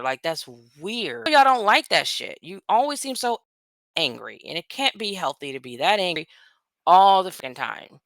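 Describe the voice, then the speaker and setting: Low-ish and sing-song, slightly bright, this woman's voice carries no room sound. She's a vlogger from the United States giving casual political commentary to camera, ranting bluntly and profanely with quick asides.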